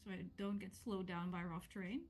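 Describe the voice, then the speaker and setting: A woman's voice: medium pitch, flat delivery, a little fast, darkish tone, a little hiss or hum. A woman playing her character in a tabletop game, wry and joking. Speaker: player. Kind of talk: casual tabletop play.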